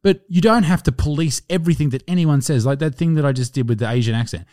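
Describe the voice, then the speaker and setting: A man's voice: on the high side, fast talker, warm tone. Young Aussie male podcast host, casual, blunt, profane, opinionated. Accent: Australian.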